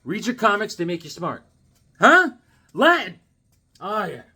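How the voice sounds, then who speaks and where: A man hosting a casual vlog about his comic books, talking in a jokey, animated way with sudden exclamations. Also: high-pitched, fairly quick, husky. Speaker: comic book vlogger. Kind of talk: casual show-and-tell vlog.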